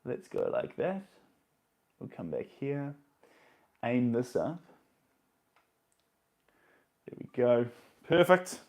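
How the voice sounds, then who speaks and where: A man's voice: medium pitch, huge pitch swings, slow, gravelly, pauses often. A man, chatting casually to his live stream viewers while he paints, muttering to himself between remarks.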